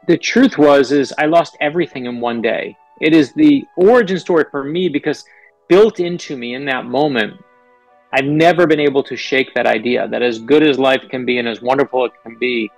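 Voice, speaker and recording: Gravelly-voiced man telling his story. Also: mid-range voice, normal speed, dry recording, faint music behind, rough recording. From New York. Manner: earnest, animated storyteller, quotes people in his stories. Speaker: author guest. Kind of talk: interview storytelling.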